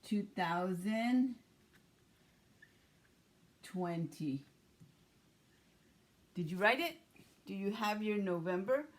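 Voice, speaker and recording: A woman's voice: medium pitch, lively intonation, slow, long pauses. A woman teacher leading an early-grade writing lesson, patiently sounding out letters and words.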